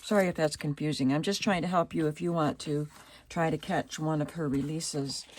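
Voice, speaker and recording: A woman vlogging casually about her craft supplies, thinking aloud and admiring each item, her voice still rough from the morning. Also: low-pitched, fairly even intonation, slight background noise. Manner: slow and chatty, softly admiring, thinking aloud. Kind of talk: casual show-and-tell vlog.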